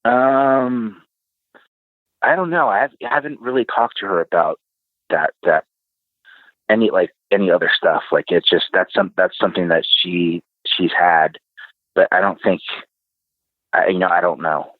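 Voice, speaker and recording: Low-voiced man on a tinny line. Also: steady tone, no room sound. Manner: halting, many fillers and restarts. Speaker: podcast guest. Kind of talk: casual storytelling. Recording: tinny phone-like remote line.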